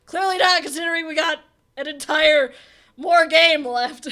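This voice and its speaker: A young woman with a high, bright voice chats her way through a video game, excitable and talkative. She speaks unhurriedly and with plenty of reactions to the characters. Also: unhurried. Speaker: let's play host. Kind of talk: casual game commentary.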